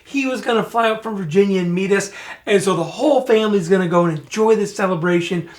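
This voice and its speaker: A middle-aged man from Michigan, co-hosting a podcast, telling a family story in a lively, casual way. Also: sits high, fast. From Michigan, USA. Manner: animated storyteller who speeds up and gets loud when retelling scenes. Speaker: podcast co-host.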